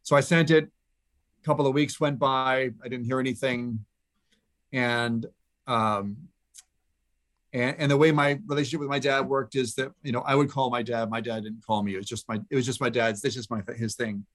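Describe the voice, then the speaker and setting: Man, middle-aged, podcast guest, earnest, reflective, halting storytelling. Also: medium pitch, fairly even intonation, fairly bright tone. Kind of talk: personal storytelling in conversation.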